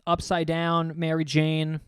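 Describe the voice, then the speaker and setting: A young man co-hosts a casual podcast, his voice sitting a little high for a man. He is animated, laughs a lot and acts out quoted reactions. The sound is close and dry. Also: takes it slowly, clean tone, no echo. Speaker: podcast co-host. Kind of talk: casual chat.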